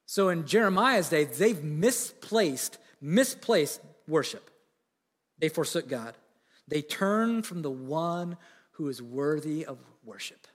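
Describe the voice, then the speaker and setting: A man with a fairly high voice preaches in an earnest, conversational way, often restarting mid-sentence. His words ring out with a long reverb in a large church hall. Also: expressive, slow, fairly bright tone. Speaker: pastor. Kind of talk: sermon.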